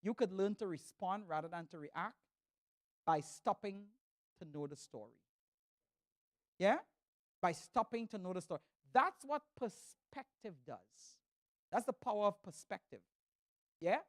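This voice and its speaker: A man giving a humorous sermon talk in a church, telling stories in an animated way with stammering restarts. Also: high voice, unhurried, long pauses, no room sound. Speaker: church speaker.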